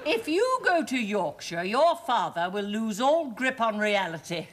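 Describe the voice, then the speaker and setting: A woman's voice: mid-range voice, sing-song, measured pace, very noisy. An actress playing a bossy, fussy older mother in a studio sitcom, with a sing-song delivery. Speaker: domineering mother. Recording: studio audience laughter. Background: loud audience laughter.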